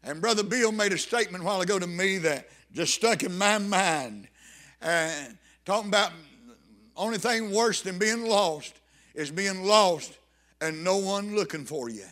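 A man's voice: high voice, normal speed, a bit bright. A man preaching a sermon, fervent and emphatic, repeating phrases for weight. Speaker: pastor.

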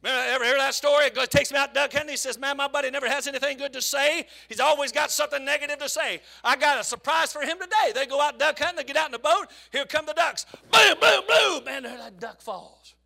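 A man preaching a sermon in a very high, gravelly voice that keeps breaking into shouts. His tone is piercingly bright and sharp, and he moves between reading scripture and telling folksy stories. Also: quick pace, hardly any pauses. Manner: animated, shouting bursts and storytelling asides.

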